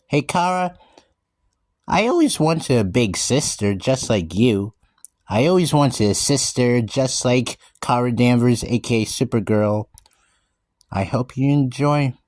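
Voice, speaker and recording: An earnest man delivers a slow, in-character monologue, his pitch swinging lively up and down. He stumbles and restarts words as he keeps calling out to everyone. The sound is dry and close, with no room around it. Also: no room sound. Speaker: vlogger describing himself as a wildcat.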